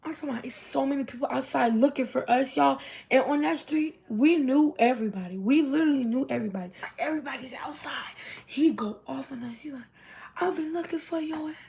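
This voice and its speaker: A young adult woman telling a storytime to her viewers in an animated, chatty way. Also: sits high, quick pace, gravelly, husky. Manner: animated, chatty, heavy use of 'literally' and 'y'all'. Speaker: vlogger. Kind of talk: casual storytime.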